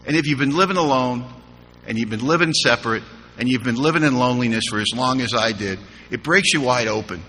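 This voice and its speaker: Bright-voiced man speaking in an echoey hall. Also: mid-range voice, fast. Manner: humorous, animated storytelling with quoted dialogue. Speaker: recovery meeting speaker. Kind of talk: personal story told to a live audience. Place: large conference hall. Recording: live hall recording with reverb.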